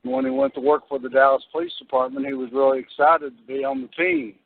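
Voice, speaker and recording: A man on a radio show telling a story in a lively, casual way. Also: medium pitch, quick pace, gravelly, slight background noise. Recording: tinny phone-like line.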